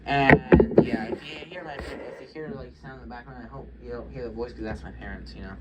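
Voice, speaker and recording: A man's voice: medium pitch, steady tone, fast, very noisy. A teenage boy showing off his Lego models in a casual, rambling vlog, chatty and self-conscious, often apologizing and giggling. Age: teens.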